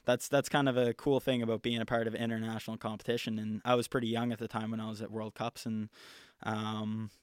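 A man's voice: on the low side, level tone, fairly quick, clean tone, no echo, studio quality. A young man from Canada, a national team canoeist, chatting as a podcast guest and telling stories with many fillers and restarts. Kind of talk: casual interview chat.

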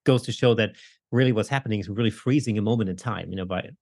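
A man's voice: fairly low pitch, quick pace, vocal fry, a little mellow, no echo, studio quality. A man in his forties in a casual podcast conversation, talking in a reflective, rambling way with many fillers.

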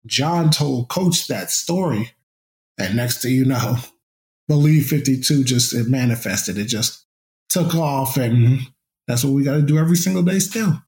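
A young man, once a college football player, recounts his story as an interview guest. His voice carries a gravelly, creaky edge, and he tells it in an upbeat, reflective manner. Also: medium pitch, animated, a little slow, darkish tone.

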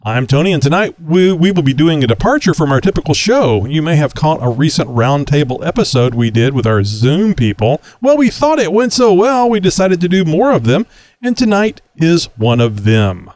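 A man's voice: on the high side, big pitch swings, normal speed, darkish tone, no echo, low-quality recording. A man hosting a podcast, chatting casually and easygoing, with lots of "uh" fillers. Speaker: host.

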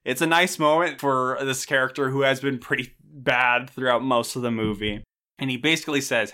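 Podcast co-host, man, bright tone, lively storyteller who slips into character voices. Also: medium pitch, moderate pace. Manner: animated, acts out characters' lines while recapping. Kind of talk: casual movie recap chat.

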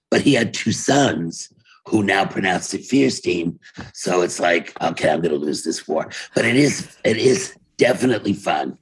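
Very husky, gravelly older man. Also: deep voice, poor audio. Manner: wry, storytelling, laughs often. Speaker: interview guest, playwright. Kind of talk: casual conversational interview. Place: home office. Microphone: video call.

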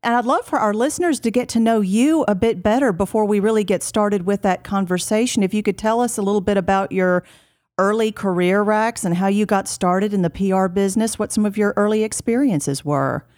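A woman's voice: mid-range voice, fairly quick, a little mellow, no room sound, clean studio sound. A woman from the southeastern US with a Southern accent, hosting a podcast interview in a gracious, effusive way. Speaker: podcast host.

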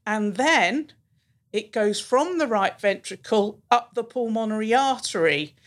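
Animated woman telling teaching stories. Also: a little high, unhurried. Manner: animated storyteller who acts out the people she quotes. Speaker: teacher and podcast guest. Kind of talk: storytelling in a podcast interview.

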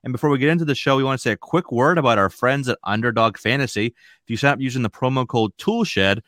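A man with a New England accent hosting a fantasy baseball podcast in a chatty, relaxed way. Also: medium pitch, dry recording, studio quality. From Maine. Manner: chatty, relaxed, rambling with fillers. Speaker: podcast host. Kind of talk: casual podcast chat.

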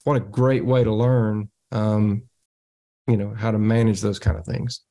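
A man's voice: lowish voice, little pitch movement, a little slow, dark tone. A man speaking as a panelist in a round table discussion, explaining ideas with everyday examples.

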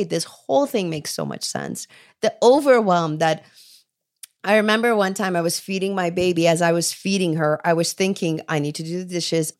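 A woman in her forties from Canada, an ADHD coach telling her own story in an interview, acting out remembered dialogue. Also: mid-range voice. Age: 40s. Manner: expressive, acts out quoted dialogue.

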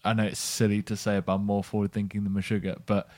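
A man co-hosting a casual chat, relaxed and wry with a dry sense of humour. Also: lowish voice, quick pace.

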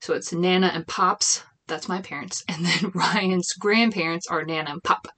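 A woman's voice: lowish voice, fairly even intonation, normal speed, bright, forceful tone. Chatty, rambling woman venting. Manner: rambling, chatty, frequent restarts and "like"; exasperated venting. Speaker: small business owner. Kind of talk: casual chat.

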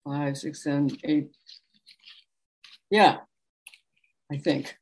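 A woman from New York is being interviewed about her book. She tells anecdotes in an animated way, breaking into laughter, and her voice sits a little low. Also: drawn-out words, a little hiss or hum. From New York, USA. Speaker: author and guest. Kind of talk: conversational interview storytelling.

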